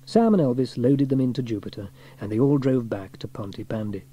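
A man reading a children's storybook aloud in an expressive way. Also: mid-range voice, fairly quick.

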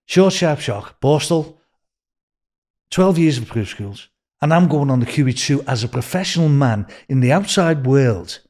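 Animated older Liverpool man telling stories. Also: mid-range voice, gravelly. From Liverpool, England. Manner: animated, swears freely, acts out voices in stories. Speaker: podcast guest. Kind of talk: storytelling interview.

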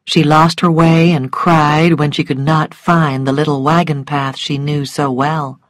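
A woman narrating a story for English learners in a slow, careful, clearly paced reading. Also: low-pitched, flat delivery, no echo, studio quality.

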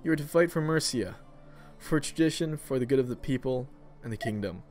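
A man's voice: animated, brisk, faint music behind, lightly acted. Silky, seductive, speechifying villain, voiced by a man. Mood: condescending. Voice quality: deep, silky and almost seductive. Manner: pompous, speechifying, grows louder. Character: silky, menacing male villain with grand plans.

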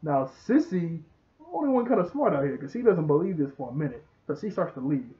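A man's voice: on the high side, sing-song, a little fast, mellow. A man casually recapping a show episode, chatty and laughing often. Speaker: show reviewer. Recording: tinny phone-like sound.

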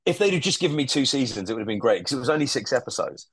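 Man, podcast guest, enthusiastic, sweary, middle pitch, dry recording. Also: expressive, rapid-fire, slightly rough, no room sound. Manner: enthusiastic, sweary, with many fillers and restarts. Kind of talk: casual podcast chat.

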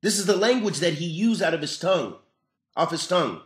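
A man's voice: sits high, lively intonation, fairly quick. Emphatic male lecturer, echoey room. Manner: earnest, emphatic, reads and explains text. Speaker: Islamic lecturer. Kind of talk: religious lesson.

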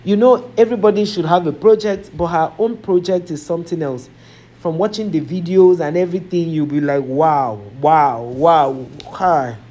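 A woman's voice: on the low side, moderate pace, dark tone. A woman vlogger reading viewer comments aloud and reacting with emotional sighs and exclamations.

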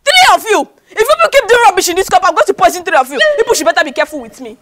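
A woman with a Nigerian English accent acting a fiery woman who shouts, scolds and threatens in a comedy skit, with music behind. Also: very high voice, big pitch swings, racing. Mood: furious. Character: fiery woman furious at being shut out of party politics.

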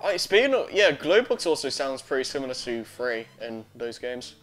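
A man's voice: medium pitch, sing-song, normal speed, a bit bright. Rambling young man on game commentary. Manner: rambling, many fillers and restarts. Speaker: let's play host. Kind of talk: casual gameplay commentary. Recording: faint game music behind.

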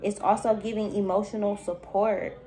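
A woman's voice: mid-range voice, flat delivery, moderate pace, dark tone. A woman giving a chatty spiritual reading straight to her viewers, full of loose filler and calling the listener baby. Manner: talks straight to the viewer, calls them baby. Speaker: spiritual reader. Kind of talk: casual intuitive reading to viewers.

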